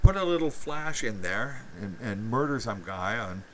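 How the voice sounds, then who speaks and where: A man's voice: on the low side, sing-song, moderate pace, bright, forceful tone, distant mic, a little hiss or hum, low-quality recording. A man hosting a live stream, rambling profanely with many fillers and restarts while reacting to chat.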